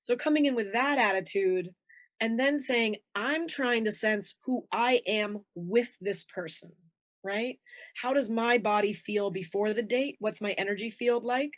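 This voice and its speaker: A woman coach talking through ideas in an easy, conversational way. She is animated and slips into quick acted voices as she makes her points. Her sound is dry and close, with no room around it. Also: no room sound. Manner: animated, acts out inner voices with shifting pitch. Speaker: intuition coach, guest. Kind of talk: conversational interview.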